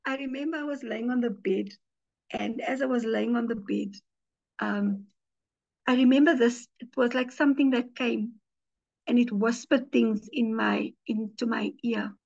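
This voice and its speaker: A woman pastor preaches with lively storytelling, slipping into the voices of the people she quotes. Her voice sits a little high for a woman's. The audio is muffled and lo-fi. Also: measured pace, vocal fry. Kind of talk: teaching sermon with personal stories.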